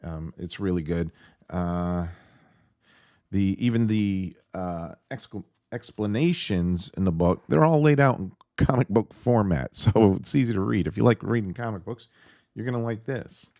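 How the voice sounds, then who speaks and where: Male home reviewer, deep, chatty, excited, rambles with fillers; dry close sound. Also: measured pace, no echo. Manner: rambling and enthusiastic, with many fillers. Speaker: tabletop game reviewer. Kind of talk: casual video review. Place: at home with his dog nearby.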